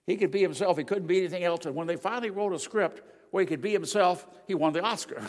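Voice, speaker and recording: An older man preaching a sermon with slides, emphatic and swinging between loud declarations and quiet asides. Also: fairly high pitch. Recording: long reverb of a large hall.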